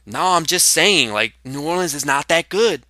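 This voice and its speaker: A man's voice: fairly high pitch, animated, moderate pace, pushed and bright, no echo, pitched above the performer's own voice. A man doing a comedic impression of a laid-back young male buddy who drawls out mumbled objections. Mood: insistent.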